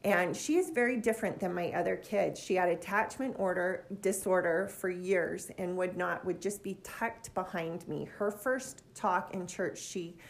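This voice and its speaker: A woman's voice: lowish voice, normal speed, creaky, hardly any pauses. A middle-aged woman giving a heartfelt, casual scripture lesson with earnest emotion. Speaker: scripture study teacher.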